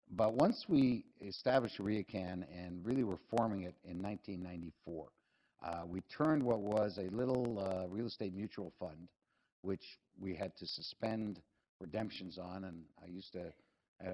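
A man's voice: deep voice, darkish tone, rough recording. An older man, a company chief executive telling rambling, self-deprecating and humorous anecdotes at a live fireside chat.

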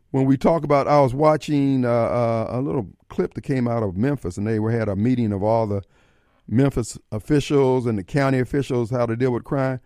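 A man's voice: mid-range voice, no echo, studio quality. A man hosting a political talk radio show, delivering a fiery monologue and acting out imagined critics. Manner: animated, acts out imagined callers and critics.

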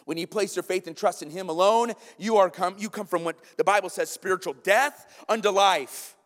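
An American man preaching a sermon as pastor, lively and conversational, checking in with the congregation with frequent asides. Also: sits high, normal speed. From United States. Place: church sanctuary. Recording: long hall reverb in a sanctuary.

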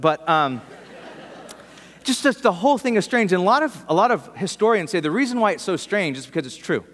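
A man's voice: high voice, in a large hall. A man preaching in a church, casual and conversational, with humorous asides. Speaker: pastor. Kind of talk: sermon.

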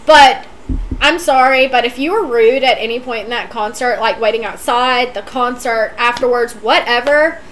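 A young woman, co-hosting a podcast and telling stories in an excitable, giggly way. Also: a little high, moderate pace, slight background noise, poor audio. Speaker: podcast co-host. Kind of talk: casual chat.

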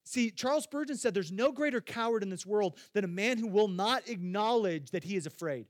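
A man's voice: high voice, lively intonation, fairly quick, dry recording, studio quality. A man preaching a sermon as a pastor, talking conversationally, putting questions straight to his listeners and repeating phrases for emphasis.

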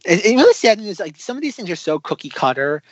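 A man co-hosting a podcast, casually critiquing comedy sketches in an animated way, often mimicking other voices. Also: high voice, fast talker, dry recording, muffled recording. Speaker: podcast co-host. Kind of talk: casual chat reviewing sketches.

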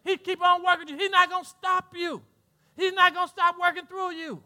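A man's voice: very high-pitched, fairly even intonation, pushed and bright. A middle-aged man with a Southern American accent preaching a sermon as pastor, trading lines with imagined churchgoers and laughing along. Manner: preaching with call-and-response asides and laughter; voices imagined congregants in quick back-and-forth.

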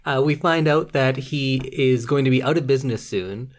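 A man co-hosting a casual movie review podcast, sarcastically retelling the plot with animated asides. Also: medium pitch, moderate pace. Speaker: podcast co-host.

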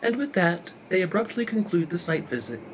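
Male narrator, wry and deadpan, somewhat high, faint background noise. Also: a little fast. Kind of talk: storytelling narration.

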